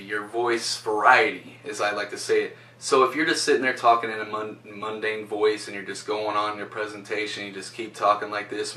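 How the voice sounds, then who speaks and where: A man giving an instructional talk on presentation skills, speaking directly and shifting his loudness for emphasis. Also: medium pitch. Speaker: presentation coach. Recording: roomy sound from a distance.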